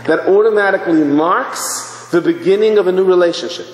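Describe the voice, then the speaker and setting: A man's voice: sits high, brisk, few pauses, slight background noise. A man in his fifties, a religious teacher giving a sermon, telling stories and acting out the people in them. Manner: animated storytelling, acting out quotes. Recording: echoey hall, faint ambience.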